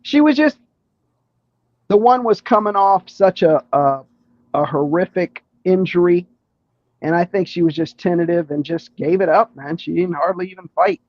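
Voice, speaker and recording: A man calling in to a betting show, rambling and halting as he explains a result, heard over a dull lo-fi call-in line. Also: high-pitched, no echo. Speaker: caller. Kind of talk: phone-in chat.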